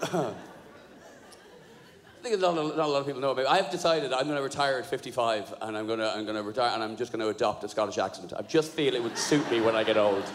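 A man doing a stand-up comedy set, sweary and animated, laughing at his own jokes. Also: medium pitch, quick pace. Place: live comedy venue. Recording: live venue, roomy hall echo, crowd noise.

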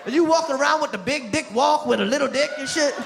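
A man performing a profane stand-up comedy set in front of a live audience, with a loud, punchy delivery. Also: very high-pitched, quick pace, vocal fry. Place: large theater stage with live audience. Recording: echoey live venue, crowd noise.

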